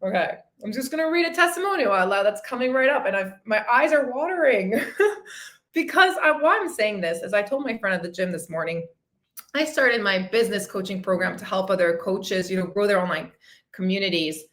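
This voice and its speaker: A woman's voice: mid-range voice, expressive, fairly quick, fairly bright tone. A woman fitness coach hosting a casual livestream chat, effusive and emotional, laughing often and swearing freely. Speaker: fitness coach and podcast host.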